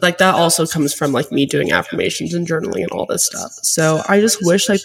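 Twenties woman, solo podcast host, teary and choked up, chatty filler-heavy ramble, slightly distant mic. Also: low voice. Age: 20s. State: tearful, choked up. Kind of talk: casual solo podcast talk.

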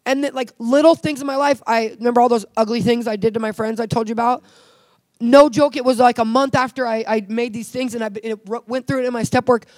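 An earnest woman tells her faith testimony with a high, bright-pitched voice. She talks in a heartfelt, casual way, full of "like" fillers. The sound is close and dry, with no room around it. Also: fairly even intonation, fast talker, no room sound. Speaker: guest sharing a faith testimony. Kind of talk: personal testimony in conversation.

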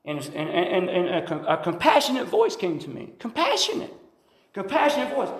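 A man's voice: high voice, big pitch swings, moderate pace. An older man preaching a sermon in a folksy way, repeating his phrases and calling for amens. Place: church. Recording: echoey church from far off.

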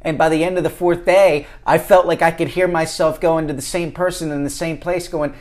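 A man in casual chat as a podcast guest, talking in a relaxed, rambling way with many fillers. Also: fairly high pitch, a little fast.

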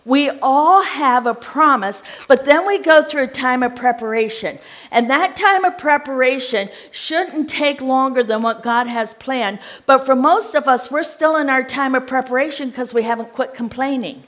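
A woman's voice: sits high, moderate pace, a bit bright. Woman preaching a conversational sermon. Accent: American. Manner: conversational, checks in with the congregation. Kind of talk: sermon with scripture reading.

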